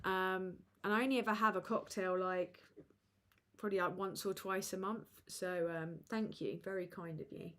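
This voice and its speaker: A woman hosting a live chat with viewers, rambling and halting with many fillers, tired and low. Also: fairly even intonation, fairly bright tone. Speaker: livestream host.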